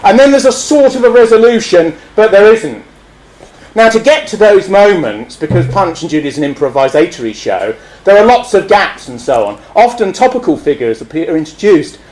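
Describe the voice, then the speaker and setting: A man giving a public speech, animated, acting out scenes and laughing. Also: high voice, fairly quick, roomy sound, low-quality recording. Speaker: speaker.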